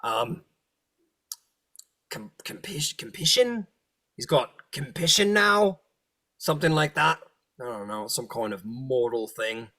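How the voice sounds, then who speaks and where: A man's voice: medium pitch, measured pace, pauses often, fairly bright tone, close to an everyday voice. A man doing crude sneering devil soldiers. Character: bullying male devil soldiers, crude and scornful.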